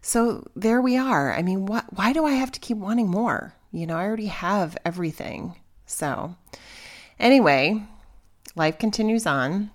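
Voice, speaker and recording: A woman in her forties, hosting a podcast and candidly telling a personal story in a lively, exclaiming way. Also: mid-range voice, normal speed. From Chicago area, US. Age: 40s. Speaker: podcast host.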